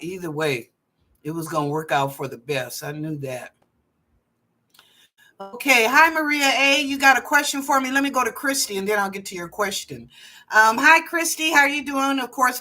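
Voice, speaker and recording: Bright, animated woman psychic host. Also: fairly high pitch, moderate pace. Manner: animated and playful, drawing out phrases, chatty asides. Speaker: psychic reader and show host. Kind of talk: live online psychic readings for viewers. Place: apartment at home.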